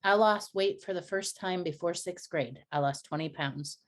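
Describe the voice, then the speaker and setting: A woman's voice: on the low side, normal speed. A middle-aged woman co-hosting a podcast, telling personal stories in a candid, confessional way. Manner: earnest, confessional storytelling. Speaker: podcast co-host.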